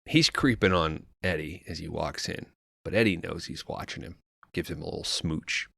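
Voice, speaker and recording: A very low-voiced man walks through a movie plot in loose, profane podcast chatter, tossing in characters' lines as he goes. His tone is bright and pushy, and the sound is dry and close. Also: moderate pace, vocal fry, dry recording. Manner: loose, profane storytelling with quoted asides. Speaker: podcast co-host recapping a film. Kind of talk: casual movie recap chat.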